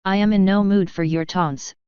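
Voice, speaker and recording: A woman's voice: medium pitch, fairly even intonation, moderate pace, darkish tone, clear, resonant tone, no room sound, dull audio, natural voice. A woman voicing a grumpy, proud male fire elemental who talks in a huffy, growling way. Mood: gruff.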